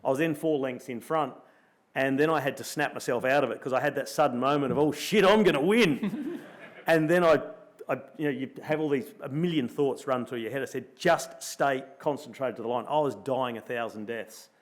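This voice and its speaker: A middle-aged Australian man, a former pro cyclist, telling a lively story at a luncheon and acting out his own thoughts as he goes. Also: medium pitch, brisk. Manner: animated storyteller, acts out his own thoughts in quoted asides. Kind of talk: storytelling in a live interview. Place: luncheon event room.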